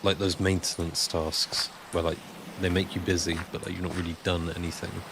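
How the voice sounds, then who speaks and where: A man's voice: sits low, flat delivery, moderate pace, creaky, background noise. A man chatting casually and rambling on a live stream while he builds, answering chat as he goes.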